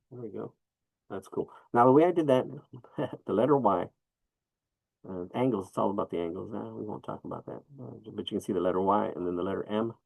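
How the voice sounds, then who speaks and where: A man's voice: on the low side, creaky, dry recording, low-quality recording. A man teaching a live drawing lesson, talking casually to his students as he sketches and shades. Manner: relaxed, talks while sketching, coaching asides.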